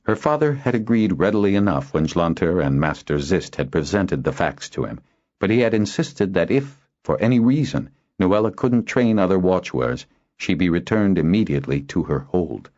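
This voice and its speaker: A man narrating a fantasy audiobook in a measured, expressive storytelling manner. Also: low-pitched. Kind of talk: scripted narration. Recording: dull lo-fi audio.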